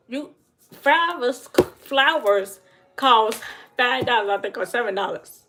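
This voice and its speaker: A woman's voice: a little high, animated, slow, bright, forceful tone, slight background noise. A woman giving blunt, emphatic advice to her viewers on a casual livestream and answering the chat. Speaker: livestream host.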